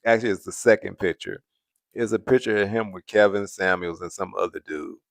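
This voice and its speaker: A man's voice: low voice, brisk, vocal fry, no room sound, clean studio sound. A man hosting a live stream, chatting casually with viewers, laughing often as he answers the chat. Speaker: livestream host.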